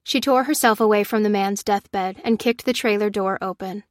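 A woman reading an audiobook in a steady, even storytelling manner. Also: mid-range voice, normal speed, no echo, clean studio sound. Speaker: narrator. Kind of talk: audiobook narration.

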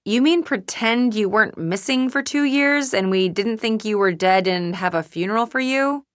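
A woman's voice: medium pitch, moderate pace, smooth, no room sound, pitched above the performer's own voice, natural voice. A woman reading an audiobook, voicing a blunt, sardonic young woman with a pointed delivery.

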